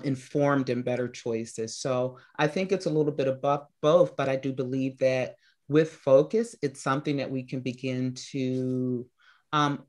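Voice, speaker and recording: A woman meditation coach who talks things through in a reflective, explanatory way. She lays out her ideas with everyday examples and strings of short points, at an unhurried conversational rhythm. It sounds like a guest answering questions in an interview. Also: very deep voice.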